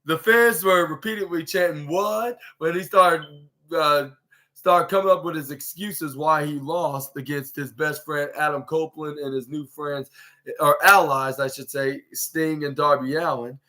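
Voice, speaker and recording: Male podcast host, bright and slightly high voice, halting and rambling delivery full of fillers. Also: fairly even intonation. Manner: rambling, halting, many fillers and restarts, acts out quotes. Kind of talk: casual wrestling recap.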